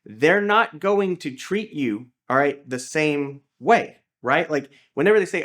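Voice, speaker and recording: A man's voice: fairly high pitch, expressive, normal speed, hardly any pauses, a bit bright. Chatty lawyer man. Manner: chatty, storytelling, many fillers and restarts. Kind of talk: casual legal discussion.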